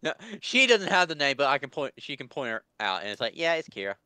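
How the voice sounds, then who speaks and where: Man, co-host, wry quips, smooth bright voice. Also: medium pitch, sing-song, fast. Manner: wry, joking interjections. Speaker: podcast co-host. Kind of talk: casual chat.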